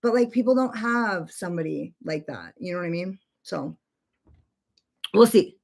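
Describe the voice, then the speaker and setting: A woman's voice: fairly low pitch, expressive, moderate pace, vocal fry, a little mellow. Woman, 40s, makeup streamer; casual, rambling, profane chat from her bedroom. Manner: rambling, filler-heavy, swears freely. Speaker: makeup livestreamer.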